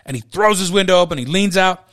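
A man in his thirties hosts a podcast, talking casually about a movie he loves. His voice is high-pitched and a bit bright, and he talks fast, rambling and swearing freely with plenty of fillers.

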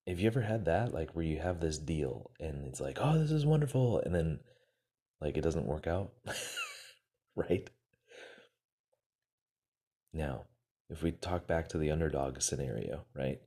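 A man's voice: a bass voice, expressive, unhurried, long pauses, warm tone, slightly rough. A man casually retelling a success story to motivate his listeners, acting out the quoted lines and using many fillers.

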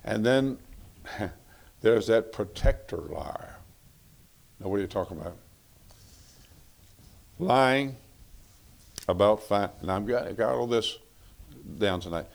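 A man's voice: fairly low pitch, slow pace, creaky, long pauses. A middle-aged man preaching a sermon on marriage in a folksy, conversational way, repeating phrases for emphasis.

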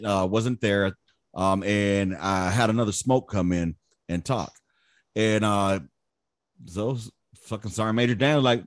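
Lively, profane veteran man telling stories. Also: fairly low pitch, measured pace, dry recording, studio quality. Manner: profane, animated, boastful storytelling. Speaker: army veteran storyteller. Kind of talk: casual podcast chat.

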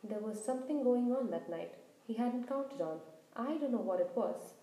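A woman voicing a big, gruff, kindly male half-giant gamekeeper who talks loudly in a rustic dialect, in a storybook reading. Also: fairly high pitch, expressive, normal speed, lightly acted. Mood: confiding. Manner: loud, blustering rural dialect. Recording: roomy echo.

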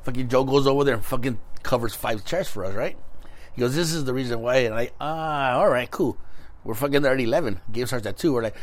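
A man co-hosting a podcast, telling a story in casual, animated chat, laughing often and swearing freely. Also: medium pitch, quick pace. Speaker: podcast co-host.

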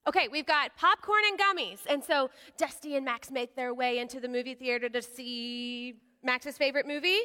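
Animated high-voiced woman preaching in a hall. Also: moderate pace, few pauses, clean tone. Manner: animated, acts out voices of characters. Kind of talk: sermon with storytelling. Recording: large hall with long reverb.

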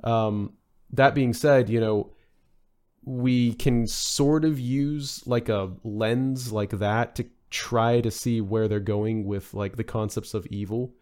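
A man's voice: mid-range voice, steady tone, takes it slowly, darkish tone, clean tone. A man chatting as a podcast guest, rambling with many fillers and restarts. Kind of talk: casual podcast discussion.

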